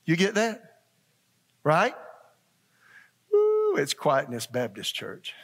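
Earnest older preacher, folksy and plain. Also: male voice, a little high, wildly swooping pitch, takes it slowly, fairly bright tone. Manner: folksy, earnest preaching with repetitions and asides to the congregation. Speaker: pastor. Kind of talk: sermon. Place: church sanctuary.

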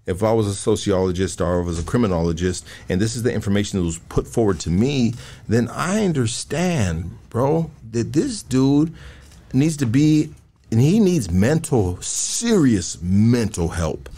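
A man's voice: fairly low pitch, animated, normal speed, dark tone. Blunt male host, casual and profane. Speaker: podcast host. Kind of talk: casual chat.

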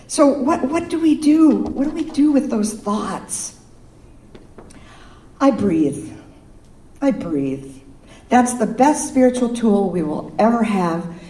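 A woman's voice: mid-range voice, dark tone. A woman giving an informal, playful sermon to a live audience, chatting with them and leading breathing exercises. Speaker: speaker at a spiritual service. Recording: echoey room, distant mic.

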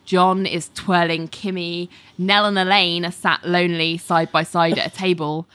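A woman's voice: fairly low pitch, little pitch movement, moderate pace, a bit bright, clean tone, no room sound. A woman recapping a TV episode for a podcast in casual chat, recounting scenes in detail and acting out the lines. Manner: recounts scenes in detail, acts out quotes, laughs often.

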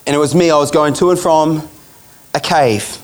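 A man's voice: a little high, fairly even intonation, moderate pace. A man preaching a sermon, telling a vision story in a casual, chatty way and laughing along.

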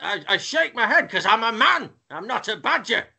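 A man's voice: high voice, sing-song, moderate pace, gravelly, sharp tone, husky. A man hosting a comedy podcast with cheeky, teasing banter. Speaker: podcast host. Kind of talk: casual comic banter.

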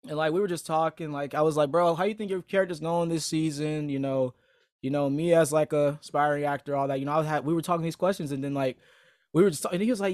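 A man's voice: a little high, fast talker, no room sound, studio quality. Slangy young man telling a rambling story. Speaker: podcast host, aspiring actor. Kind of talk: casual chat.

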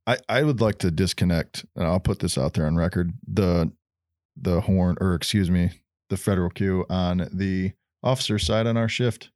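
Brief: male firefighter co-host, opinionated, profane, low pitch, dry sound. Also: normal speed, a little mellow, dry recording. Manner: opinionated, profane, says things "on record". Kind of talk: casual chat.

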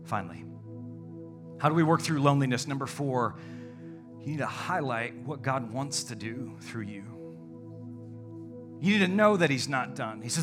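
A man's voice: mid-range voice, normal speed. Fervent male pastor preaching over music. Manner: dynamic preaching, swinging from loud calls to hushed tones. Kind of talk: sermon.

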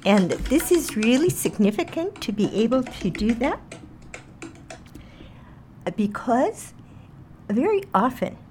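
A woman leads a guided healing meditation at a slow, unhurried pace, repeating short phrases in a soothing way. Her voice is mellow and relaxed rather than bright. A faint ambient hum sits behind her. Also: on the high side.

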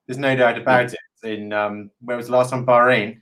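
A man's voice: medium pitch, little pitch movement, brisk, fairly bright tone. Hesitant man thinking aloud. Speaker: podcast co-host. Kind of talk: casual motorsport chat.

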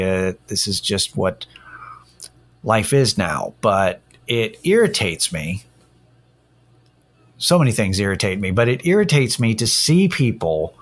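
A middle-aged man hosting a casual solo podcast, ranting in an irritated, profane way. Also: lowish voice. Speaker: podcast host. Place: Austin-area home setting.

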